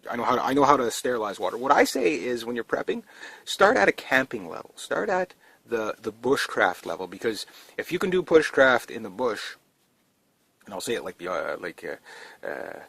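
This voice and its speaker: A man's voice: mid-range voice, big pitch swings, moderate pace, gravelly, fairly bright tone, breathy edge, dry recording. A man vlogging casually to camera about prepping, talking in a rambling, down-to-earth way with lots of fillers and restarts. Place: indoors in a trailer.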